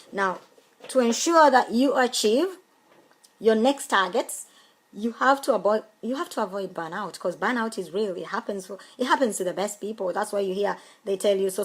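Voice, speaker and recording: A woman's voice: medium pitch, vocal fry, slightly rough, poor audio. Emphatic woman coaching a live stream. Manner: emphatic, repeats key phrases, greets viewers mid-talk. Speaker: home business coach.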